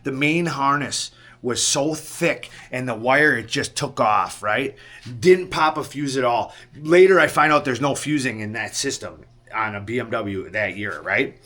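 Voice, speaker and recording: A man's voice: medium pitch, a little slow, bright, forceful tone. Rambling, sheepish man telling a story. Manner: rambling, swears often, keeps asking "right?"; sheepish and rueful. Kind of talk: casual storytelling to camera.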